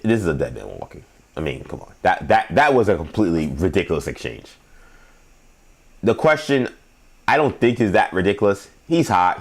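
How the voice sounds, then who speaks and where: A man's voice: extremely low pitch, gravelly. A young adult man hosting a sports show, giving rambling, emphatic commentary and laughing at his own stories.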